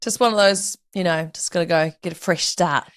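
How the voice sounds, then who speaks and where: A woman's voice: fairly low pitch, fairly quick, no room sound, clean studio sound. A woman co-hosting a true crime podcast, reacting bluntly and laughing along. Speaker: podcast co-host. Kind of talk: casual chat.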